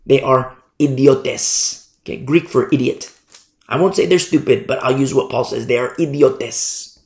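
A man's voice: mid-range voice, creaky. A man preaching a sermon as a pastor, emphatic and repetitive, often asking his listeners "you see?". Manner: emphatic preaching, repeats key words, asks "you see?". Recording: roomy echo.

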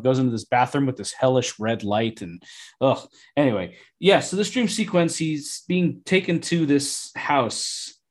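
A man co-hosting a podcast, talking eagerly about a TV episode and often restarting his sentences. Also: medium pitch. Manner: enthusiastic, restarts often when excited. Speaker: podcast co-host. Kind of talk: casual discussion of a TV episode.

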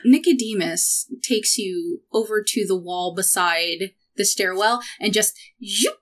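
A woman's voice: mid-range voice, unhurried, few pauses, a bit bright. Giggly woman running a tabletop game. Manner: playful, giggly narration with sound effects. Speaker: game master.

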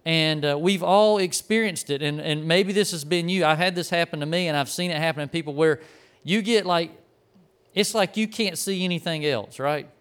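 A man's voice: a little high, normal speed, a bit bright, clear, resonant tone. A man giving a conversational sermon, telling stories in a folksy way and speaking straight to the people in the room.

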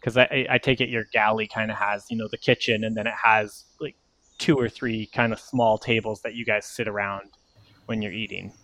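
A man's voice: lowish voice, little pitch movement, a little fast, bright, forceful tone, dry recording. A man narrating as game master, loose and chatty with frequent fillers.

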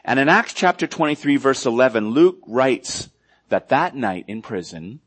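An earnest male preacher delivering a sermon at a medium pitch. He presses key phrases with sudden force, then drops into hushed, quiet stretches. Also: expressive, moderate pace, slightly rough. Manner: earnest, rising and falling from loud emphasis to hushed quiet. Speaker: pastor.

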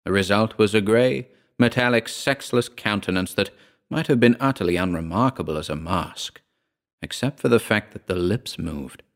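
A man reading a first-person story aloud in a wry, measured way. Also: fairly low pitch. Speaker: narrator.

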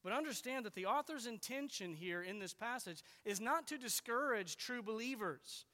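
A man's voice: very high-pitched, animated, moderate pace, sharp tone, in a large hall. A man preaching an expository sermon as pastor, earnest and emphatic, repeating key words for weight.

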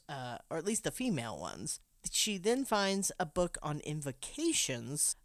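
A woman's voice: sits low, no echo, clean studio sound. A woman recapping a film plot for a podcast, telling the story with joking asides. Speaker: podcast co-host. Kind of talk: movie plot recap and casual chat.

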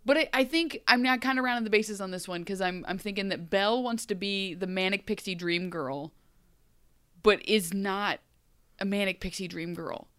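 A woman's voice: medium pitch, a bit bright, clear, resonant tone, no room sound, studio quality. A woman co-hosting a podcast, chatting casually about a TV episode with wry, mocking jokes. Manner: wry, joking, quick to mock. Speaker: podcast co-host. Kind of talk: casual TV recap chat.

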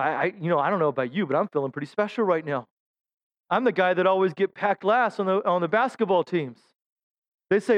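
A man's voice: high voice, fast talker, long pauses, highs cut off. A middle-aged man preaching a sermon, telling funny stories about himself and calling out to his congregation. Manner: humorous storytelling, self-deprecating jokes. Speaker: pastor.

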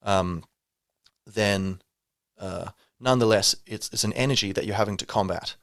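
A man's voice: fairly low pitch, moderate pace, gravelly, a bit bright, no echo, studio quality. A man hosting a solo podcast, talking reflectively and rambling, with many fillers and restarts. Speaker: podcast host.

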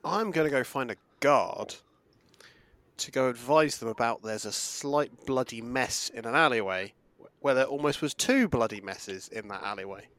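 Sarcastic player with a dry voice. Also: male voice, medium pitch, normal speed, a bit bright, dry recording. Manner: sarcastic, joking. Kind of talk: tabletop game play.

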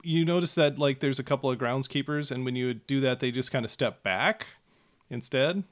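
A man acting as game master, narrating a tabletop game in a relaxed way with many fillers. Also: medium pitch, normal speed.

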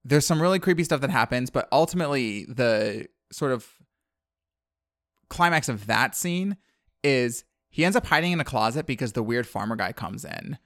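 A man casually retelling a film's plot, animated and acting out the characters' lines. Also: mid-range voice, moderate pace, dry recording, clean studio sound. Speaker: podcast co-host recapping a film. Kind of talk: casual chat.

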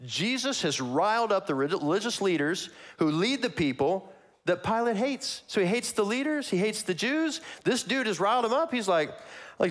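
A man preaching a sermon, walking through a Bible passage verse by verse in a conversational, animated way that acts out the characters. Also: sits high, normal speed.

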